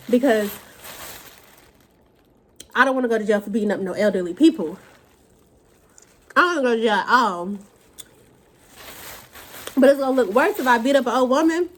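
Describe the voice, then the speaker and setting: A young woman, telling a profane, animated storytime rant to her camera at home. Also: on the high side, normal speed, long pauses, slight background noise. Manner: animated, profane, dramatic retellings. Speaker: vlogger.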